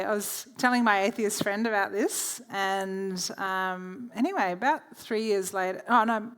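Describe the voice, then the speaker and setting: A woman presenting a church workshop. She teaches through chatty personal stories and laughs easily. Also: mid-range voice.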